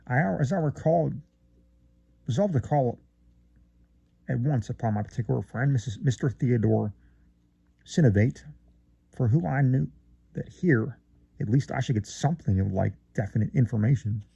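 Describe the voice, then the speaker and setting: A man's voice: medium pitch, expressive, moderate pace, creaky, long pauses, dark tone, husky, dry recording, dull audio. A man reading a classic short story aloud in a theatrical way, with rising emphasis and occasional stumbles. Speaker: reader.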